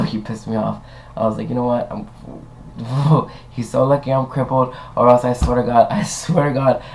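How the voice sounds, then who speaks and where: A young man vlogging a casual storytime rant, animated and sassy, swearing freely and acting out both sides of an argument in voiced quotes. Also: mid-range voice, gravelly.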